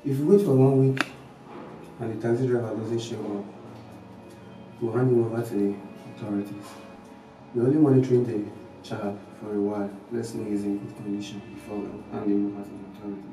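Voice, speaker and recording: A calm, sympathetic doctor, played by an actor, explaining gently. His low voice sounds from far off in an echoey room, with music behind. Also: a little fast, close to an everyday voice.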